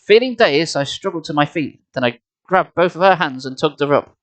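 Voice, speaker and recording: A man's voice: fairly high pitch, expressive, fairly quick. Man narrating a storybook live. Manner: playful, self-mocking asides between narration. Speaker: streamer reading aloud. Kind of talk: live storybook reading with asides. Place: home streaming setup. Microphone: desk mic, laptop.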